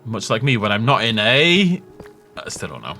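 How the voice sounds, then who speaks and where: A man chatting through his gameplay in a loose, wandering way, with a voice that climbs and dips all over the place. He laughs at his own half-finished jokes. Soft game music plays quietly in the background. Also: on the low side, big pitch swings, normal speed. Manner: rambling and jokey, laughs at his own tangents. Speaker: gaming YouTuber. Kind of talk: casual let's-play commentary.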